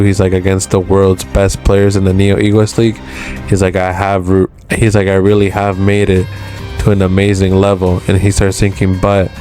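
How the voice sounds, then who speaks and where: A man with a low, level voice recaps a manga chapter in loose, casual talk, stringing lines together with "he's like". His delivery stays flat and even, with soft music faintly underneath. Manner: narrates dialogue with constant "he's like". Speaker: manga review host.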